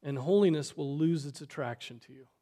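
A man preaching a sermon, earnest, swinging between loud exhortation and soft, quiet asides. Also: a little high, brisk. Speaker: pastor.

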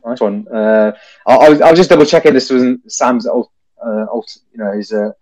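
A man's voice: medium pitch, moderate pace, darkish tone, low-quality recording. A man hosting a casual phone-in podcast, chatty, laughing easily and calling people mate, recorded on a phone. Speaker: podcast host.

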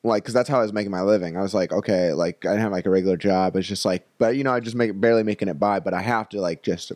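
A man's voice: sits low, rapid-fire, darkish tone, no room sound. A young man, a stand-up comedian, telling a long story in casual chat, with lots of "like" and "you know" fillers. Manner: rambling, filler-heavy, with many "like" and "you know".

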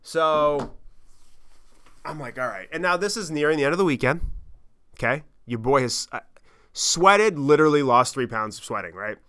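A man in his thirties telling a travel story on his podcast, animated and rambling, with lots of swearing and fillers. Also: on the high side, moderate pace, long pauses, clean tone. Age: 30s. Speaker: podcast host. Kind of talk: casual storytelling monologue.

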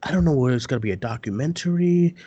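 A man co-hosting a casual film chat, rambling with lots of fillers and sudden jumps up in pitch when excited. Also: rapid-fire, slightly rough, no echo, lo-fi sound. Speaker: co-host, film site editor.

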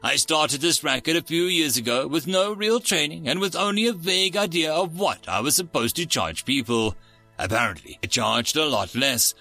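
Wry, bright-voiced male story narrator. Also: on the high side. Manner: wry, sardonic. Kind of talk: first-person audiobook narration.

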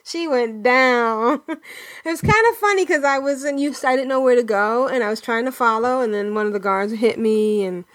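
A woman co-hosting a casual gaming podcast, chatty and quick to laugh between her remarks. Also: fairly high pitch, dry recording. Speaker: podcast co-host.

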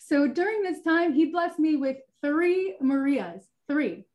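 A woman with a fairly high voice tells her personal faith story on a webinar. She speaks earnestly and candidly, with many fillers, over a video call. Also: lively intonation, slow, darkish tone. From Italian heritage. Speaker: guest sharing her testimony.

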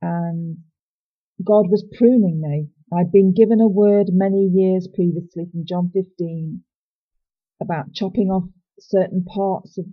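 Slow, husky woman giving testimony. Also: on the low side, steady tone, dull audio. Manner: earnest, reflective, candid. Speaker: Christian sharing a testimony. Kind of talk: personal faith testimony.

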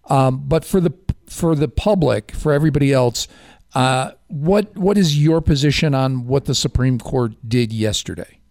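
A man's voice: mid-range voice, moderate pace, a little mellow, dry recording, clean studio sound. An older man hosting a radio call-in show, telling a story in a chatty way and then asking pointed questions. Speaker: radio talk show host. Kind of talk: casual radio interview.

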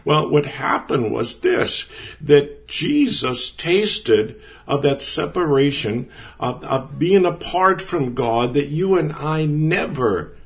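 A man's voice: fairly high pitch, animated, slow pace. A man teaching the Bible in a conversational way, earnest and emphatic, repeating words for stress.

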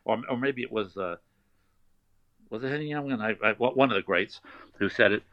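An older man spins animated stories as a guest in a relaxed interview, now and then dropping into playful character voices. His medium-pitched voice sounds dry and close. The audio is a bit dull and lo-fi. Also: moderate pace, no echo. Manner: animated storyteller who slips into playful voices. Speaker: voice actor guest. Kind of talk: casual interview anecdotes.

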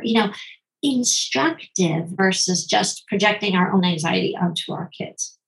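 A middle-aged woman, both physician and parenting writer, answers interview questions with rapid runs of speech that slow for emphasis. Her voice is creaky, she often performs quoted lines with large pitch shifts, and the recording is low quality.

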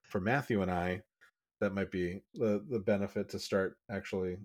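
A man with a lowish voice co-hosting a casual podcast. He rambles, restarts sentences and rushes in quick bursts. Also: fairly even intonation. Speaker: podcast co-host.

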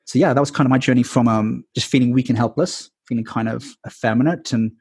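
A man's voice: mid-range voice, fast talker, a little mellow, husky, dry recording, clean studio sound. A man in his twenties or thirties, a podcast guest, telling his life story candidly with many ums and likes. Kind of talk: casual storytelling interview.

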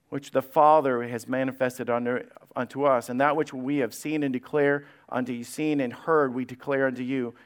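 A man's voice: fairly high pitch, smooth. A male pastor preaching a sermon to his congregation, quoting scripture and rising into passionate retellings.

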